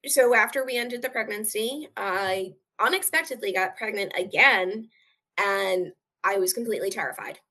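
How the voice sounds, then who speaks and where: A woman's voice: medium pitch, moderate pace, sharp tone. A woman telling a painful personal story as an interview guest, earnest and open, often acting out what others said. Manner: earnest, acts out quoted voices.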